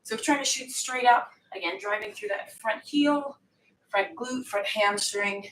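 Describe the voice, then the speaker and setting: A woman's voice: medium pitch, a little slow, fairly bright tone. A woman fitness coach joking and swearing while she works out, breathing hard. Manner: joking, profane banter while exercising. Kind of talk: live workout coaching. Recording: echoey room, distant mic, faint noise.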